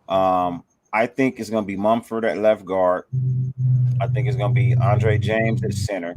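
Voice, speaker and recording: A man's voice: fairly low pitch, no room sound. A man hosting a casual fan show, talking slangy and laid-back, thanking viewers and breaking down players. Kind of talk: casual sports chat.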